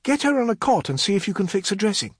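A man doing a gentle soothing young woman. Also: mid-range voice, sing-song, fast, husky, dry recording, clean studio sound, voice pushed up. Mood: urgent. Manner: soothing, gentle but firm. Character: calm, caring young woman soothing children.

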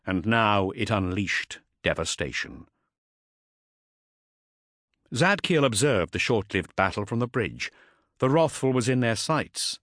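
A man narrates an audiobook with dramatic, expressive storytelling. His voice sits low and moves animatedly through a wide range. The recording is close and dry. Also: no echo.

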